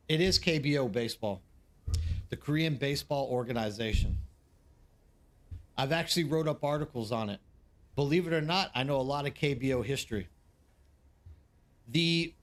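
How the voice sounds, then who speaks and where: Give me a slightly high-voiced man in his forties chatting loosely with his live-stream viewers. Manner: rambling, talks straight to the chat. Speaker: game streamer. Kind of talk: casual live-stream chat.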